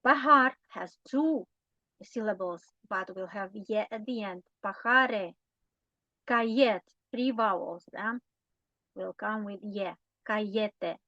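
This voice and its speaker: A woman's voice: mid-range voice, takes it slowly, bright, forceful tone, dry recording, muffled recording. A woman with a Romanian accent teaching a grammar lesson, explaining patiently and often checking in with short tag questions. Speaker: language teacher.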